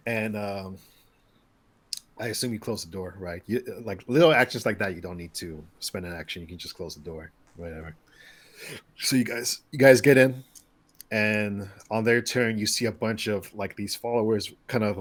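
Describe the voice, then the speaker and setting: A man running a tabletop game as game master, loose and rambling with many restarts. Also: fairly low pitch.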